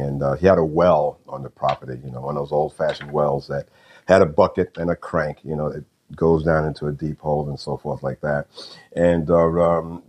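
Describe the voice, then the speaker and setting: A man who is a pastor, praying and preaching to listeners in a folksy, unhurried way, often pausing with "uh" and repeating phrases. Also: rumbling low, darkish tone, muffled recording. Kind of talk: sermon with prayer and storytelling.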